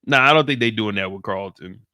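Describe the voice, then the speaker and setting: A man hosting a casual TV recap, talking in an animated, slangy and joking way. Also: lowish voice, brisk, dry recording, clean studio sound. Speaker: show host.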